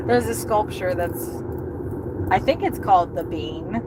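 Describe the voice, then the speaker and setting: A woman's voice: lowish voice, slow pace. A woman, chatting casually and giggling as she drives and livestreams her food deliveries. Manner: chatty, giggly, reads chat aloud. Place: inside a car while driving. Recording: loud road noise from driving.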